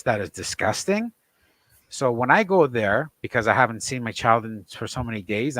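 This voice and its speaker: A man's voice: medium pitch, sharp tone, dry recording. A man speaking as a guest on a talk show, an emotional, indignant and defiant father. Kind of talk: impassioned talk-show testimony.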